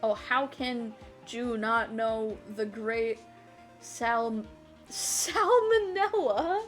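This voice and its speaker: A woman voicing an odd male TV director who talks in slow, broken, halting phrases. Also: fairly high pitch, faint music behind. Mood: pompous.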